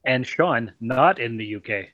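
A man co-hosting a podcast in casual chat, playful and quick to banter, giggling often. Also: medium pitch, expressive, no room sound, narrow, tinny audio. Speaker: podcast co-host.

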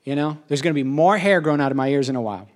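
A middle-aged man with a fairly high-pitched voice speaks in a casual monologue. He rambles emotionally, repeating himself a lot and dropping in quick asides.

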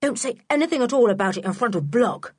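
A woman's voice: a little high, animated, fast talker, husky, no echo, studio quality, voice pushed up. A woman reading a storybook, voicing an urgent, secretive schoolboy giving warnings.

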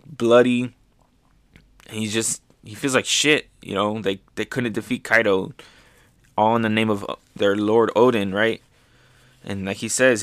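Low-voiced man recapping manga. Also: dry recording, studio quality. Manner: excited, often dropping soft. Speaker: podcast host.

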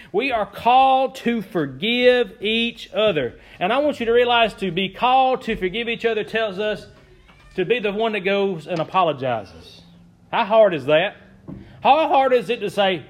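A man's voice: high-pitched, a bit bright. A man preaching a folksy sermon as pastor, chuckling often and repeating his key phrases.

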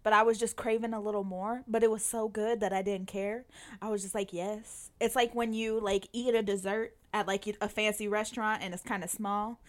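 A woman's voice: medium pitch, fairly even intonation, normal speed. A woman co-hosting a casual chat, gushing effusively as a fan. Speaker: podcast co-host.

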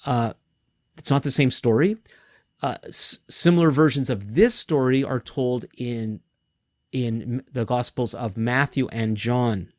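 A man's voice: medium pitch, darkish tone, dry recording. Man preaching in a dry, close voice. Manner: thoughtful, conversational preaching with pauses and restarts. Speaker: pastor. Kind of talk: sermon.

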